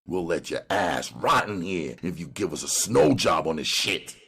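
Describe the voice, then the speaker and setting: A man's voice: low-pitched, very animated, normal speed, gravelly, a bit bright, husky, heavily acted. A man voicing a hard, threatening male police detective who talks sternly. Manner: stern, menacing.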